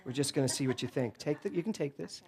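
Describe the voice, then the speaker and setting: A male minister delivering a sermon in a church, telling humorous stories in an animated, joking way into a handheld microphone. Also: medium pitch, quick pace. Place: church sanctuary before a congregation.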